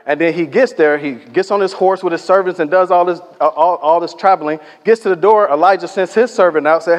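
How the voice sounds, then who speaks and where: A man preaching in a church, his fairly high voice carried by a long hall echo. He tells stories in a loose, conversational way and acts out the people he quotes. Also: a little fast, hardly any pauses. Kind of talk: sermon. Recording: echoey hall reverb.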